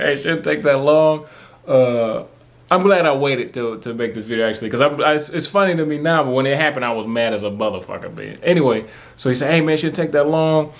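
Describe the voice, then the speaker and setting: A man, talking to camera in a casual, rambling, profane way, full of fillers. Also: mid-range voice. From Texas. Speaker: vlogger. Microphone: camera mic, talking to camera.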